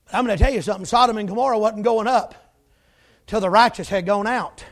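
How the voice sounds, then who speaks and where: A man preaching a sermon, emphatic and folksy, with joking asides and bursts of shouting. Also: high-pitched, quick pace.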